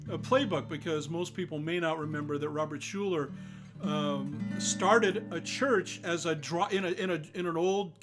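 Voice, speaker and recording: A man's voice: a little high, normal speed, music in the background. An older man hosting a live online concert, chatting casually between songs and greeting viewers by name. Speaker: singer-songwriter hosting a live stream concert.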